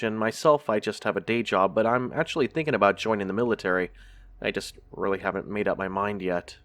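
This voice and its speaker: A man hosting a horror podcast, reading a first-person scary story in a measured, drawn-out storytelling delivery. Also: fairly low pitch, fairly bright tone.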